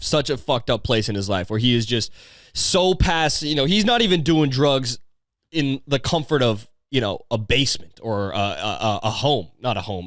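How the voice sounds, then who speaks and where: Man, podcast host, rambling, swearing, sardonic, dry close sound, medium pitch. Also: a bit bright, dry recording. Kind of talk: casual commentary on a video.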